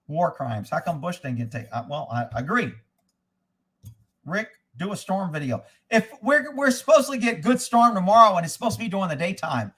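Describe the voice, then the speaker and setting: A man's voice: sits high, sing-song, moderate pace, fairly bright tone. Blunt, profane man. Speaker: host reading viewer comments. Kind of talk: casual live commentary.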